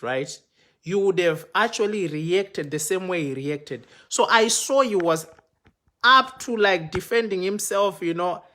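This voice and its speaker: Man telling a story on a livestream. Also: high voice. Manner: animated retelling, acting out quoted exchanges. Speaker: pastor. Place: home, speaking to a phone for a live video. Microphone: phone microphone.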